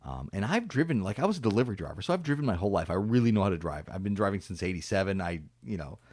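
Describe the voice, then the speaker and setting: A man's voice: low voice, big pitch swings, very fast, darkish tone, no echo. A man in his fifties hosting a casual interview, chatty and laughing into his own stories. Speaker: host. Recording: dry close mic.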